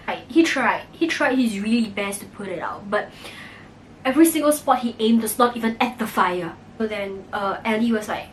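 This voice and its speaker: A woman vlogger casually recapping a movie, animated and acting out the characters' lines as she tells it. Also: on the high side, moderate pace, recorded from a distance, a little hiss or hum, rough recording. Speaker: mukbang vlogger.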